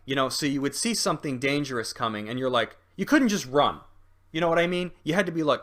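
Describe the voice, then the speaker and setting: A man's voice: on the high side, animated, quick pace, sharp tone. A young man talking through a video game in a casual review, rambling with lots of ums and restarts and a jokey streak. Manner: chatty and jokey.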